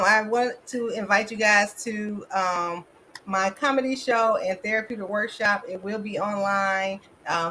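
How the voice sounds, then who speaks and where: A woman's voice: medium pitch, fairly bright tone, a little hiss or hum. Emphatic woman speaker. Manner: emphatic, motivational, addresses audience as y'all. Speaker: therapist and coach. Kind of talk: conference talk.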